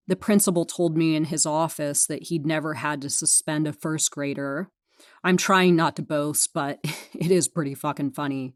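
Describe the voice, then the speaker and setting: A low-voiced woman reads her memoir as an audiobook, speaking frankly and with a sardonic, dry wit. The recording is close and completely dry, with no room sound. She is from California. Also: steady tone, measured pace, no room sound. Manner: frank, sardonic, dryly funny. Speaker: memoir narrator.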